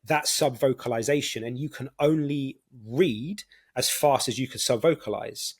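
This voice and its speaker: A man's voice: mid-range voice, normal speed, husky. British guy on a podcast, chatty, laughs a lot, keen to explain stuff. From United Kingdom. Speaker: podcast host. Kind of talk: casual chat.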